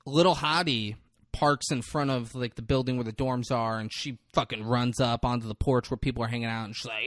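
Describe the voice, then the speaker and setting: A man's voice: medium pitch, brisk, no room sound, clean studio sound. A man co-hosting a podcast, recapping a film in a casual chat and swearing freely. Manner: retells scenes with excited acted-out quotes, swears freely. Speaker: podcast co-host.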